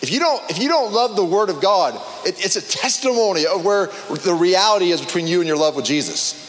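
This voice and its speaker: High-voiced man preaching casually. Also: brisk, in a large hall. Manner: conversational, animated, many restarts and fillers. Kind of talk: casual sermon.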